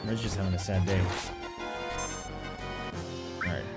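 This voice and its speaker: A man hosting a let's play, chatting and exclaiming excitedly while he plays. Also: sits low, unhurried. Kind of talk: gameplay commentary. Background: game music.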